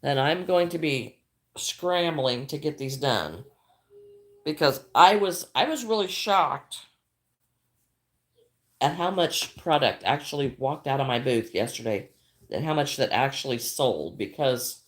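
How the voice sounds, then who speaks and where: Older woman, somewhat low voice, chatty livestream crafter who greets viewers and repeats herself. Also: expressive, measured pace, long pauses. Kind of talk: casual livestream chat while crocheting.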